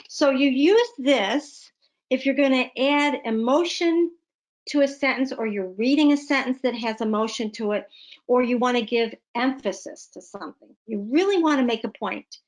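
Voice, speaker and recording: A woman teaching a punctuation lesson, explaining patiently with playful emphasis. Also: fairly high pitch. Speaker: literacy teacher. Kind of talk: classroom lesson.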